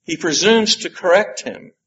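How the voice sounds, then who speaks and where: A man preaching a sermon, slow and emphatic, with dramatic pauses. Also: high-pitched, lively intonation, a bit bright, muffled recording. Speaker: pastor.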